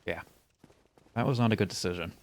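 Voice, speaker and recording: A man's voice: on the low side, fairly quick. A male streamer giving casual, rambling commentary while playing a game, with dry, wry humor. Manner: rambling asides.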